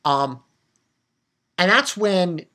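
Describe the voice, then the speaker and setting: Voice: mid-range voice, animated, extremely slow, sharp tone. An anime reviewer giving a casual episode recap, rambling with frequent restarts and fillers and getting emotional about the story.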